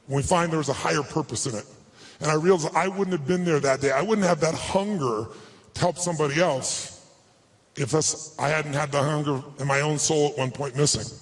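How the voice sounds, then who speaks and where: A man giving a live motivational talk to an audience, telling a personal story in an emphatic, earnest way. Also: fairly high pitch. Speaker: motivational speaker.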